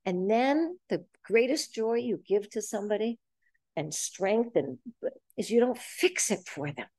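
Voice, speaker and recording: Lively woman in her seventies. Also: medium pitch, a little slow, no room sound, clean studio sound. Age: 70s. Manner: animated storytelling, acts out quoted dialogue. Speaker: host leading a group talk. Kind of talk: casual group chat. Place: boxing gym.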